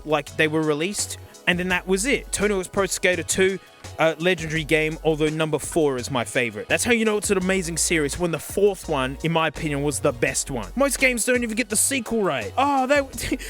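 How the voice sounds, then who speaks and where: Excitable Australian man, high voice. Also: brisk, soft background music. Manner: excitable, jokey, laughs often. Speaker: YouTube host. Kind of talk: casual nostalgic commentary.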